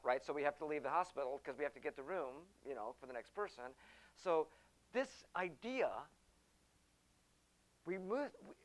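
A middle-aged man hosting a talk, telling a personal story in an animated way and acting out the people he quotes. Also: fairly high pitch, rough recording.

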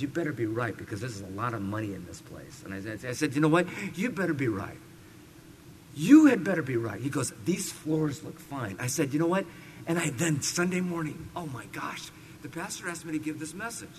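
A high-pitched, bright-voiced man from California preaching through a personal story. He is self-deprecating at first, then rises to emphatic, animated bursts, with faint room ambience behind him. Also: a little hiss or hum. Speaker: preacher sharing a testimony. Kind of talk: storytelling sermon.

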